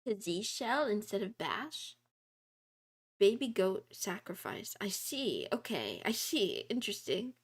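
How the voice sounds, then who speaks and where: A woman's voice: mid-range voice, very animated, measured pace, breathy edge. A woman streamer chatting casually with her viewers and reading their messages aloud. She giggles often, puts herself down playfully and drops in little meows.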